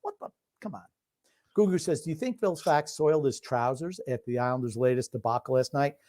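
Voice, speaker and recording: A man co-hosting a casual sports podcast, blunt, sarcastic and quick to swear, reading listener comments aloud. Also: mid-range voice, warm tone. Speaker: podcast co-host.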